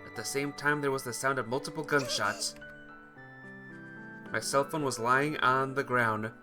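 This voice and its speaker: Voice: mid-range voice, fairly even intonation, unhurried. A streamer reading a visual novel aloud, greeting viewers between lines. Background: guitar music.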